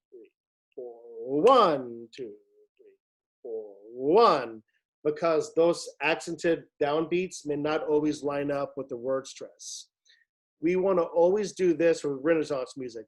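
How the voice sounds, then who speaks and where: A male choir director explains a piece in a somewhat high voice. He talks haltingly, full of "um" and restarts, and now and then sings a short phrase to demonstrate. The tone is that of a patient rehearsal explanation. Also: darkish tone, low-quality recording. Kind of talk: rehearsal instruction.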